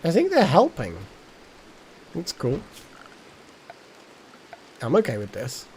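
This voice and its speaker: A man's voice: on the high side, wildly swooping pitch, slow, a little mellow, a little hiss or hum. A man streaming a game live, chatting casually and thinking aloud as he plays. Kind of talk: casual live gameplay commentary.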